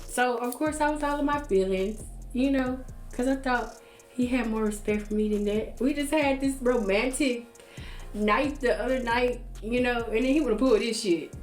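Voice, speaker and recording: A woman's voice: a little high, moderate pace, roomy sound, soft background music. A young woman casually telling a personal story to her viewers, blunt and profane, acting out what others said.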